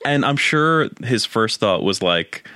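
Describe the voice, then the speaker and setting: A man's voice: mid-range voice, lively intonation, slow pace, sharp tone, smooth, dry recording. A man co-hosting a casual book discussion with wry, dry remarks. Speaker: podcast co-host.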